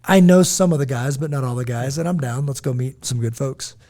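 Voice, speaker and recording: Man, 40s, podcast co-host, warm mellow tone, loose conversational storyteller. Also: medium pitch, brisk. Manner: animated, rambling storyteller with frequent "right?".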